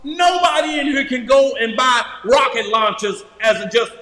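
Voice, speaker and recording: A man leading a group Bible study in a lively, joking way, raising his voice at times. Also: high-pitched, brisk, few pauses. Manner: animated, shouting at times, loose and joking. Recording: roomy hall with long reverb.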